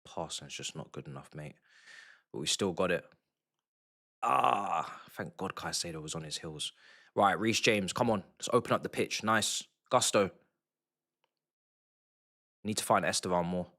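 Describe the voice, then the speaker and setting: A young man hosting a live football watchalong, muttering reactions that flare into loud outraged shouting. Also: low-pitched, measured pace, long pauses. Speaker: livestream football watchalong host. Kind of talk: live match watchalong commentary.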